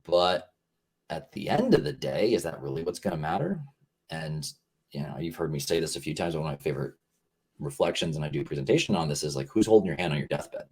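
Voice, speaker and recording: A man with a low, husky voice chats as a guest on a podcast. He talks in a casual, earnest way and rambles with plenty of fillers and restarts. His deep tone and slightly rough texture stay with him the whole time. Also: lively intonation, quick pace.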